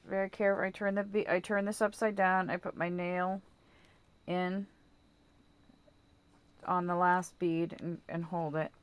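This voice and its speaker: A woman's voice: on the low side, clean tone. A woman chatting through a home craft tutorial, rambling and correcting herself as she works. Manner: playful baby talk to her dog. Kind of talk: casual how-to demonstration.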